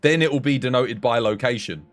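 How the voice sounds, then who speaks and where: A man with an English accent, chatting casually on a game livestream and coaching viewers in a relaxed, friendly way. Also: medium pitch, a little fast. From England. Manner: relaxed, chatty, addresses chat as mate.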